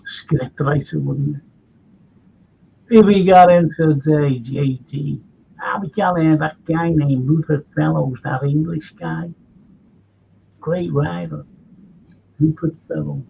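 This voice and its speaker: Older scouse guy hosting a chat show, gravelly, rambly, kinda tired, dull lo-fi sound. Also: fairly high pitch. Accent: Liverpool. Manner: rambling, chatty, with frequent restarts. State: tired from lack of sleep. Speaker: host. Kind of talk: casual chat. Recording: dull lo-fi sound with faint noise.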